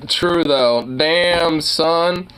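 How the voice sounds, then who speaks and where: A man riffs through a casual reaction commentary, rambling and heated, tripping over fillers and restarts. His voice is bright and forceful. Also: a little high, extremely slow, a little hiss or hum.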